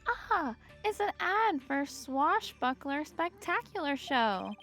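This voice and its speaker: A woman's voice: high voice, very animated, slow, fairly bright tone, faint music behind, full character voice. A woman voicing an upbeat young female lawyer assistant in a fan voice acting of a game, sweet and teasing.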